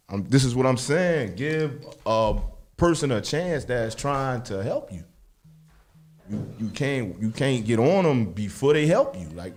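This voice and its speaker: A man co-hosting a radio talk show, arguing heatedly, swearing and laughing often. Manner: animated, swearing, laughs often, swings loud and high. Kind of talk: heated casual debate.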